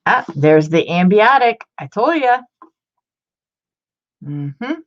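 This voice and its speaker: A woman in her fifties, chatty and excitable, showing off old books in a casual vlog. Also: medium pitch, takes it slowly, long pauses. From Ohio. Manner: chatty, excitable, muttering asides. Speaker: book collector vlogger. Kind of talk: casual show-and-tell. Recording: dull lo-fi home recording.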